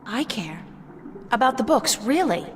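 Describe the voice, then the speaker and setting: A woman's voice: a little high, very animated, unhurried, noisy background. A woman voicing a wry young woman adventurer with a dry, teasing manner in a video game.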